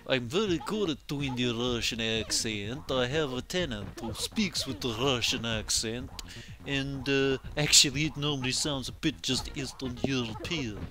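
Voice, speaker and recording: A man's voice: medium pitch, unhurried, natural voice. A man putting on a hammy russian accent. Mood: boastful. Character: boastful Russian man, exaggerated put-on accent.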